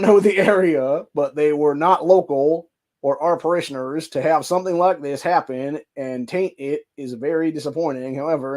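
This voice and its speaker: Host, male, Ohio accent, reads news aloud then rants hot and crude; voice sits a bit high. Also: a little mellow. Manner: heated, profane ranting between stretches of reading. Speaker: podcast host. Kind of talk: reading news articles aloud with profane commentary.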